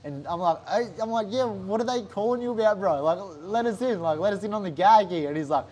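A man with an Australian accent telling a story in a casual interview, animated and swearing often. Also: high voice, quick pace. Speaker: interview guest, fighter.

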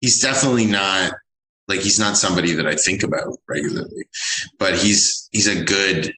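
Young Canadian male comic, very low voice with a bright edge, rambling, roomy echo. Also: brisk, a little hiss or hum. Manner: rambling, crude, frequent "like". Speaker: comedian guest. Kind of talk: casual chat.

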